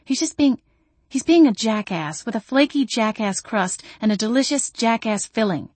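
A woman's voice: on the high side, expressive, moderate pace, darkish tone, no room sound, pitched above the performer's own voice. A woman voicing a prim, sardonic friend who talks with dry exasperation. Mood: exasperated.

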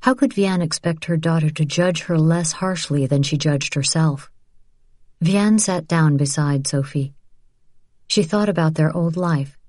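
A woman reading an audiobook in measured, even scripted narration. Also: low-pitched, no echo, clean studio sound.

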